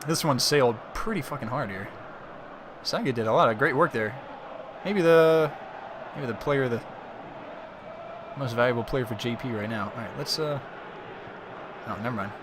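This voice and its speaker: A man doing live play-by-play commentary on a video game football match, getting excited and shouting on close chances. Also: medium pitch, moderate pace, long pauses, noisy background. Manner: excitable, rises to shouting on near goals.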